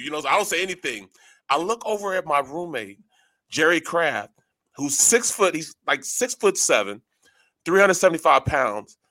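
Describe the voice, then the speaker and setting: A former football player co-hosting a sports radio show tells a story in a slangy, animated way. His voice is bright and fairly high, and its pitch swings a lot. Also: no echo.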